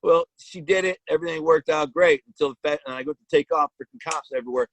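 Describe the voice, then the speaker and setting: Gravelly man telling a blunt street story. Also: fairly high pitch, quick pace, slight background noise, poor audio. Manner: blunt street talk with slang and restarts. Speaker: guest telling his life story. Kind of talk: casual storytelling.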